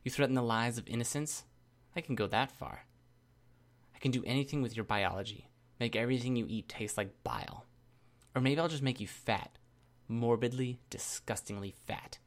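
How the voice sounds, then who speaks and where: A man voicing a young woman healer who whispers slow, cruel threats, in whispered role-play. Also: mid-range voice, lightly acted. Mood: menacing.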